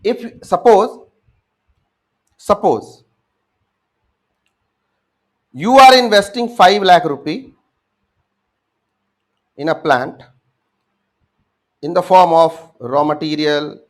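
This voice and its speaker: High-voiced Indian man lecturing students. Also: slow, long pauses, a bit bright. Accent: Indian English. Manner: addresses students directly, acts out their answers. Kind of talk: exam-prep lecture.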